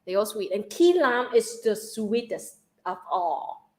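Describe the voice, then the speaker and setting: A woman from Central Vietnam with a Vietnamese accent, hosting a casual livestream chat, bubbly and quick to laugh. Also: medium pitch, very animated, darkish tone. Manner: bubbly, laughs often, reads donation questions. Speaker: livestream host.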